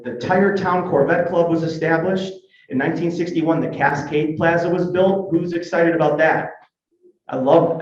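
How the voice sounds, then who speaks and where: A man talks through a club meeting with easy, joking energy, throwing questions at the crowd. His voice sits a little high for a man. The sound is muffled and lo-fi and rings around a very echoey hall. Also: a little mellow. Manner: chatty, joking, upbeat, asks the crowd questions. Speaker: club member giving history segment. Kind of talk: casual emcee talk at a club meeting. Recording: echoey room, dull lo-fi sound.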